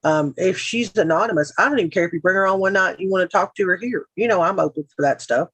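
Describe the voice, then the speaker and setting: A woman from Middle Tennessee with a Southern Tennessee accent hosts a casual livestream chat from home, frank and sarcastic, chatty and full of asides. Her voice sits on the low side, quick-paced, fairly bright with a breathy edge. The recording is dry and the audio quality is poor.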